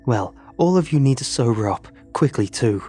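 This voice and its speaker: A man voicing Eleanor, a stern, furious woman soldier with a thick accent who shouts and scolds. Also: lowish voice, fairly even intonation, brisk, husky, faint music behind. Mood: commanding.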